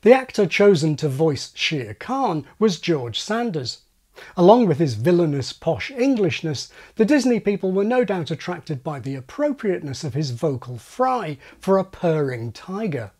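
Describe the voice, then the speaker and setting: A man narrates a scripted video essay with wry, explanatory delivery. His husky voice sits a little high and moves lively across its range. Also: moderate pace.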